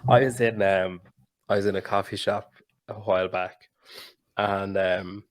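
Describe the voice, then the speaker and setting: Casting: podcast host, man, somewhat low voice, chatty storyteller who swears freely. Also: measured pace. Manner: animated anecdote-telling, swears freely, mimics people in quotes. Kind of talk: casual podcast conversation, storytelling.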